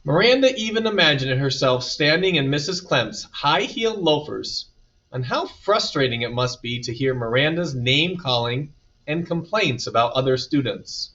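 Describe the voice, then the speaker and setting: Read-aloud narrator: man, animated storytelling, mid-pitched voice, mic set a bit away, muffled sound. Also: normal speed. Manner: lively, expressive storytelling. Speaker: storybook reader. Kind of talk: reading a children's picture book aloud. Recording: dull distant recording.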